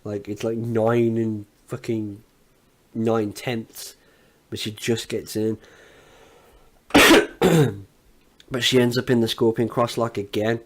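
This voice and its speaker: A man reviewing a wrestling event as an analyst, recapping the matches with excitement and frequent swearing. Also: mid-range voice.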